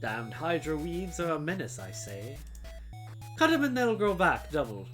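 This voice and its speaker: Woman voicing a male merchant, friendly, grumbling, low, lively. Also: normal speed, faint music behind.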